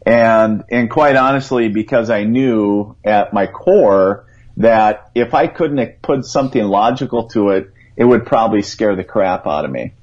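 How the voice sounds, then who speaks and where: A man with a fairly low, darkish voice appears as a guest psychic on a call-in radio show, telling a story in an earnest, rambling, conversational way and quoting his own thoughts aloud. The recording has a dull, lo-fi radio sound.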